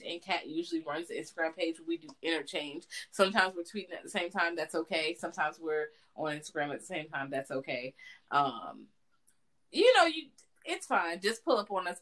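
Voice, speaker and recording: Animated profane woman podcaster, lower voice. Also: moderate pace, poor audio. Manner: animated, profane, emphatic storytelling. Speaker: podcast co-host. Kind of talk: casual chat.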